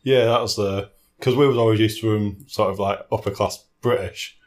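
A man with a lowish voice talks casually about films as a co-host. He rambles in a relaxed way, leaning on filler words as he thinks. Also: normal speed. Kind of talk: casual film review chat.

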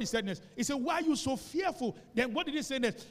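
Pastor, man, Nigerian English accent, high voice, preaching with big swings from hushed to shouted, church hall echo. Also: animated, a little fast, hardly any pauses. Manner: preaching with call-and-response, swinging between quiet asides and shouts. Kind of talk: sermon.

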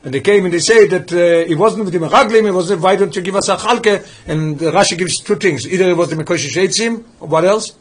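A man leading a text study class, reading quickly from a Hebrew text and explaining it in English. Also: high-pitched, breathy edge. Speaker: Torah class teacher.

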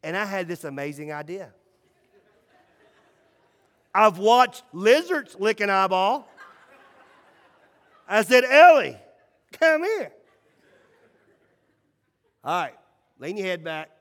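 A middle-aged man preaching a sermon, telling stories and swinging between loud and hushed lines. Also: high-pitched, lively intonation, takes it slowly, pauses often. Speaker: pastor. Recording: echoey hall reverb.

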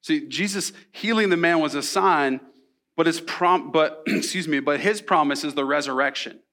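A man preaching a sermon in a church, animated and conversational, with casual asides to the congregation. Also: a little high, normal speed. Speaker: pastor.

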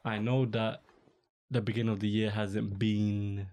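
A young man talks on his podcast in a loose, rambling way, dropping slang and fillers as he goes. His voice sits a little low. It is easygoing, unscripted chat. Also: level tone, a little slow, dark tone. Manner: rambling, laid-back, peppered with slang and fillers. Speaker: podcast host. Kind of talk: casual chat.

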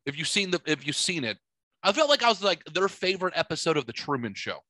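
A man's voice: on the high side, very animated, quick pace, bright, forceful tone, dry recording. A man hosting a podcast, telling rambling, profane stories in casual chat. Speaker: podcast host. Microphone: studio microphone.

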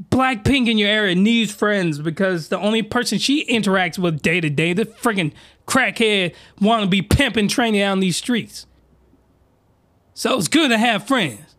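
Crude rambling young man, high voice. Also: expressive, moderate pace, fairly bright tone, no echo. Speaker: podcast host. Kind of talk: crude comedic anime recap. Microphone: podcast mic, close.

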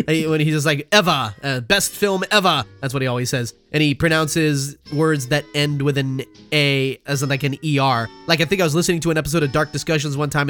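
A man with a fairly high voice co-hosts a relaxed podcast chat, reading listener messages aloud. He laughs easily and often restarts his sentences. Faint music plays underneath. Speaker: podcast co-host.

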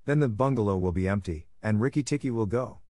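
A man reading a storybook aloud, voicing a big, menacing male cobra who talks in a cold, deliberate way. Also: on the low side, expressive, warm tone, no room sound, natural voice. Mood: plotting.

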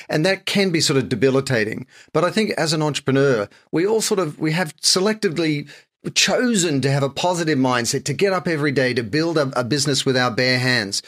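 Fast-talking Australian man in his fifties. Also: mid-range voice, fairly bright tone. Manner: brisk, fluent and upbeat, with casual slang. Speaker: guest, company founder. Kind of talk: casual interview chat.

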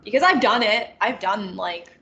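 A young woman in her twenties chatting casually, self-aware and quick to laugh. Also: mid-range voice, lively intonation, bright, forceful tone, low-quality recording. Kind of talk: casual chat.

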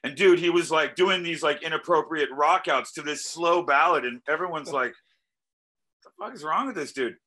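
A male musician talking casually in an interview, telling animated stories, acting out quoted voices and swearing freely. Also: on the high side, normal speed, low-quality recording. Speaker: musician guest.

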